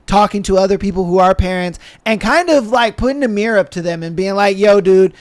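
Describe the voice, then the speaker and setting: A man's voice: sits high, animated, fast. A man hosting a podcast in casual, slangy chat, swearing freely and leaning on fillers. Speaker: podcast host.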